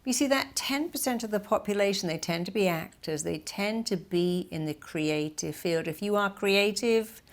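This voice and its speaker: A woman's voice: mid-range voice, normal speed, hardly any pauses. A middle-aged woman therapist giving an emphatic motivational talk, acting out inner voices as she explains. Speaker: therapist and hypnotherapist.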